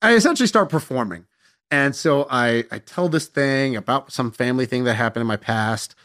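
A young man telling a casual anecdote in an animated, self-mocking way, swearing freely as he goes. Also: medium pitch, brisk. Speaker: storyteller.

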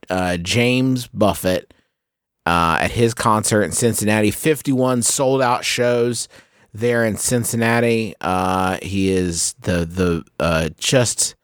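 A man hosting a comedy podcast with his brothers, talking in a rambling, excitable way with many restarts. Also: fairly low pitch, dry recording, clean studio sound. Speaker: podcast host. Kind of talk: casual comedic chat.

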